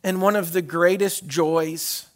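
A man preaching a sermon as a pastor, shifting between loud hollering and hushed tones and often repeating words as he restarts phrases. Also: high-pitched, steady tone, takes it slowly.

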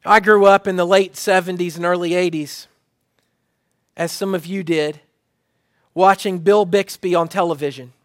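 A man's voice: high-pitched, fairly even intonation, moderate pace, long pauses, no echo, studio quality. A middle-aged man preaching a sermon, building his points through repeated phrases and frequent restarts. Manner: repetitive preaching cadence, restarts. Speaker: pastor.

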